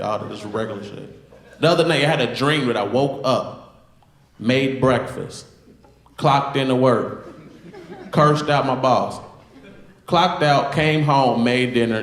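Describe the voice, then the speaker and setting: Man, 30s, stand-up comedian, casual wry delivery, echoey club room. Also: fairly low pitch. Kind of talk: stand-up set.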